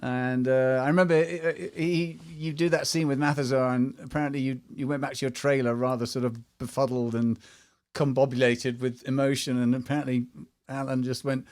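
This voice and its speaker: A man's voice: medium pitch, flat delivery, brisk, a little mellow. A man co-hosting an interview, chatty and full of small hesitations. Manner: chatty with frequent uh fillers. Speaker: podcast co-host.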